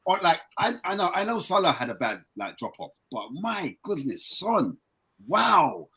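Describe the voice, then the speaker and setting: Excitable man, husky voice. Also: unhurried. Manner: animated, excitable, pitch jumps way up when worked up. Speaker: fan guest. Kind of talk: casual fan chat.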